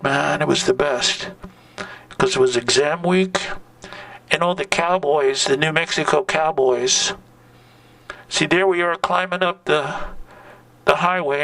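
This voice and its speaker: Recalling a protest, this sixty-something man tells a wandering personal story full of loose hippie slang, frequently finishing phrases with "man." His voice runs a little high and a bit bright. It's recorded dry from a distant mic, without echo.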